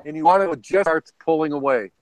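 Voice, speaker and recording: A man's voice: on the high side, fast talker, low-quality recording. A man on a video call, chatting casually and rambling through anecdotes with chuckles. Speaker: guest on a hobby video hangout. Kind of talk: casual storytelling chat.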